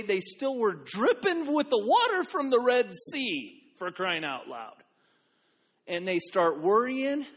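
High-pitched man preaching in a reverberant church. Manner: animated, repeats phrases for emphasis, acts out quoted voices. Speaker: pastor. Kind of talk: sermon. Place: church sanctuary.

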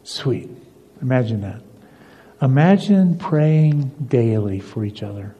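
An older man preaching a sermon as pastor, telling stories and moving between emphatic lines and soft, confiding ones. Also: mid-range voice, big pitch swings, slow pace, breathy edge. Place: church sanctuary. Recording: dull lo-fi recording in a reverberant church hall.

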